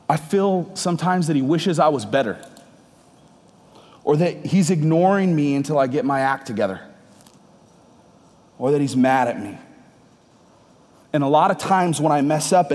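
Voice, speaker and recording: With a fairly high, slightly mellow voice, a thirty-something pastor delivers a sermon to the gathered congregation. He keeps things casual and jokes with the people in the church hall, and the sound is reverberant.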